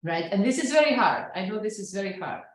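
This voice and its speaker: A woman's voice: mid-range voice, lively intonation, fast talker. A woman from the former Soviet Union with a Russian accent, giving an earnest public talk full of "you know"s. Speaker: speaker at an event. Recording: very echoey room.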